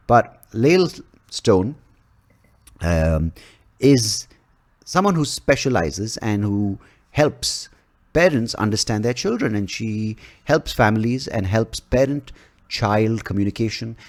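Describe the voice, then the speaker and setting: A man with a notably low voice hosts a podcast. He rambles loosely from joke to joke, swears freely and laughs a lot. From India. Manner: rambling, profane and jokey, laughs often. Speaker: podcast host. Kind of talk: casual podcast chat.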